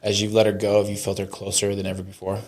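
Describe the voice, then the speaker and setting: Low flat-voiced male interviewer. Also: fast talker. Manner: short affirmations, prompting questions. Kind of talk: supportive interview questions.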